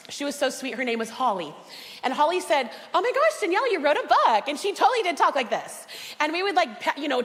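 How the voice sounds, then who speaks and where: A woman speaker and cookbook author telling personal stories to a conference audience, lively and acting out the voices of people she quotes. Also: sits high. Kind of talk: personal motivational talk to an audience. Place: large conference hall. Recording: long reverb of a large hall.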